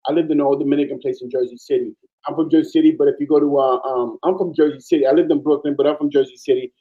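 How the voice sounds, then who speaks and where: A man from Panama, a guest in casual chat, telling stories in an animated, emphatic way over muffled lo-fi audio. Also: a little high, racing.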